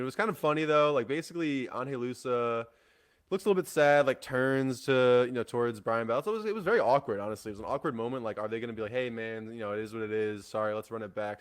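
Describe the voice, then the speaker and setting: An MMA podcast host with a medium-pitched voice talks quickly on his solo fight-news show. He rambles casually, full of fillers, restarts and swearing.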